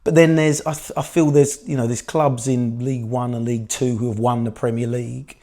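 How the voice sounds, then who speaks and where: A man with a croaky voice, co-hosting a football podcast in relaxed, rambling chat. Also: medium pitch, a little fast. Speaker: podcast co-host.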